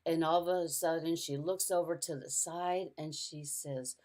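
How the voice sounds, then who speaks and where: A middle-aged woman sharing a personal caregiving story in an earnest, storytelling way over a video call, going soft and quiet in the hardest parts. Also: low-pitched, steady tone, measured pace. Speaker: caregiver speaker. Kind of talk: personal testimony talk.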